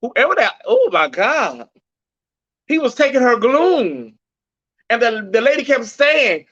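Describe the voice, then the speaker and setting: A man's voice: very high-pitched, big pitch swings, slow, long pauses, a bit bright, no echo, muffled recording. A man hosting a live headline show, delivering the news in a sassy, gossipy way and greeting viewers by name.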